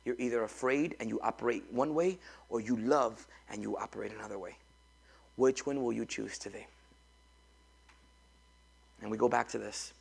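A man's voice: mid-range voice, normal speed, vocal fry, pauses often, husky. A man preaching a sermon to a congregation in a church, emphatic and repetitive, calling on the crowd to respond. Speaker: pastor.

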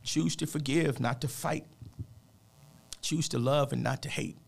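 Gravelly, earnest motivational speaker. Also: male voice, medium pitch, steady tone, a little slow, long pauses. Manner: earnest, preachy, peppers speech with "man". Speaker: motivational speaker, radio guest. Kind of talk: emotional personal storytelling.

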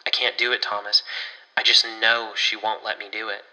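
A man's voice: on the low side, little pitch movement, moderate pace, pushed and bright, poor audio. A man voicing an anxious young man who speaks tensely and urgently.

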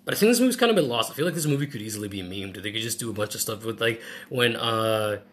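A man reviewing a movie in casual chat, animated and acting out scenes in quick voices. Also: fairly low pitch.

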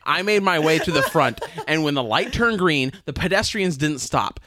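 A man's voice: on the high side, lively intonation, normal speed, a crowd in the background. A man co-hosting a casual movie review podcast, ranting in a worked-up, exasperated way. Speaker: podcast co-host.

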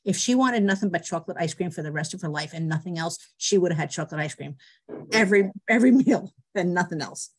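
Animated woman telling family stories. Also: lowish voice, quick pace, breathy edge. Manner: animated, laughs often, lively storyteller. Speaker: guest speaker. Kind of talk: personal storytelling.

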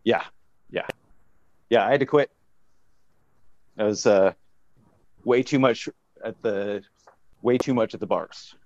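A man's voice: on the low side, takes it slowly, long pauses, darkish tone. A man improvising a rambling, goofy tech support agent in a comedy phone call.

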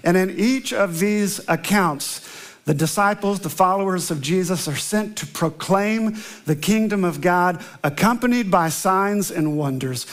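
High-voiced earnest male pastor. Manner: earnest storytelling, emphatic slow repetitions. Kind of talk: sermon with opening prayer.

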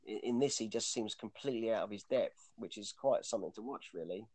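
A man talks casually about movies in a fairly low voice, rambling and restarting his sentences as he goes. The recording is dry and close, with no room sound. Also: fairly quick, darkish tone, husky, dry recording. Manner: rambling, chatty, frequent restarts and fillers. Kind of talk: casual chat about films.

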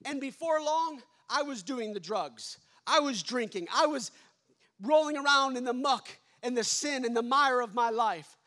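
A man preaching a sermon as pastor, building to shouts and dropping to hushed endings. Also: very high-pitched, expressive, normal speed.

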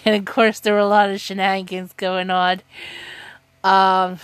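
A woman's voice: mid-range voice, flat delivery, a little slow, clear, resonant tone, dry recording. A woman casually recapping a TV episode, rambling and giggly, who often breaks into laughter. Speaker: TV show recap vlogger.

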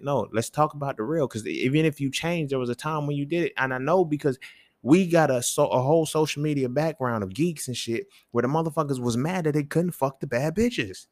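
A young man hosting a solo podcast, talking in casual street slang with lots of profanity and rhetorical questions that jump up in pitch. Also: a little fast, darkish tone, no echo. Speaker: podcast host.

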